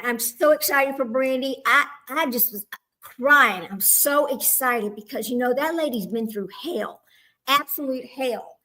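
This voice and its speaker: Woman livestream host, higher-pitched, chatty, talks straight to viewers, mutters asides. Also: a bit bright. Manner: flustered with tech, muttering asides. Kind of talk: casual livestream chat. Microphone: small microphone.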